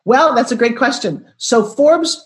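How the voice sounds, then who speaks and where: A woman in her sixties, a guest on a video call interview, telling her story in an expressive, dramatic way. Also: a little high, unhurried.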